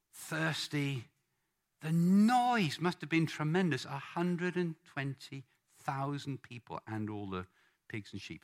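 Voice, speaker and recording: A man preaching a sermon, playfully coaxing the congregation to join in. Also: fairly high pitch. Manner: lively, playful, coaxing the crowd.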